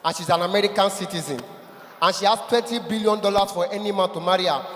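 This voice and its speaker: A man performing a stand-up comedy set, telling a story in an animated way and breaking into sung lines. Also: high-pitched, fast, a little hiss or hum. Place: large event hall. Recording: long reverb in a big hall. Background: music.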